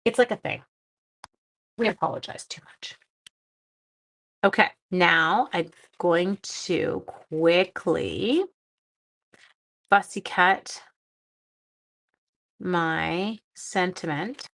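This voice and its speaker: A woman, hosting a casual livestream craft demo, chatty, giggly and quick to poke fun at herself. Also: fairly low pitch, vocal fry, fairly bright tone. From Canada. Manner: chatty, giggly and self-deprecating. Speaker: craft class host and schoolteacher.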